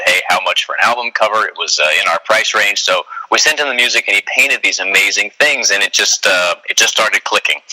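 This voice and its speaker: A man with a low voice and a very bright, sharp edge talks easily as a band guest on a radio show. He rambles a little, fills gaps with "uh" and "you know", and laughs along. The sound has a broadcast-radio feel. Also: low-quality recording. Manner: relaxed, rambling, many fillers. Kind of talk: casual phone interview.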